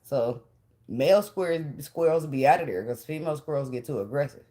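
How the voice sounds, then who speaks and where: Low-voiced woman reading tarot, blunt and profane. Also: animated, fairly quick, mellow. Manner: blunt, profane, laughs often. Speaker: tarot reader.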